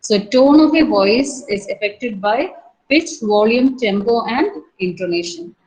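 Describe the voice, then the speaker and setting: An Indian woman lecturing a college class in a fairly high voice. She explains things slowly and repeats her points. Her talk is full of fillers. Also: expressive, darkish tone, low-quality recording. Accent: Indian English. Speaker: teacher.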